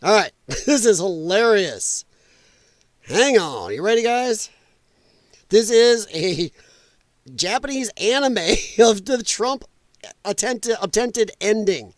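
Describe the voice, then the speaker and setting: A man's voice: sits high, expressive, takes it slowly, pauses often, no room sound. A man hosting a casual livestream, talking loosely and bluntly and laughing at clips. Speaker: livestream host.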